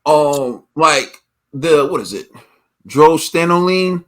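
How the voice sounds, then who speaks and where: A man's voice: on the high side, animated, slow pace. A man hosting a casual boxing podcast, speaking casually and hesitating over hard words. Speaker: podcast host.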